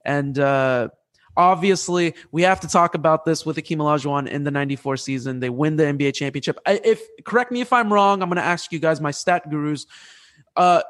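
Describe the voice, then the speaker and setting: Excitable male podcast host, slightly high voice. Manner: animated, excitable storyteller who restarts sentences. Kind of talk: casual sports chat and storytelling.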